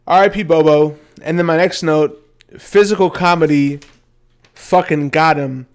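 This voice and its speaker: Brief: young male co-host, slightly high voice, profane, recaps from notes. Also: a little slow, smooth. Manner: profane, reads episode notes. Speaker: podcast co-host. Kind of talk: casual recap chat.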